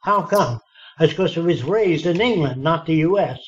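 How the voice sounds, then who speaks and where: Blunt folksy guy telling stories, bit high voice, muffled lo-fi sound. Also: animated, normal speed, darkish tone. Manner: blunt, folksy, quotes people in dialogue. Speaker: interviewee. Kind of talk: storytelling in conversation. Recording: dull lo-fi recording.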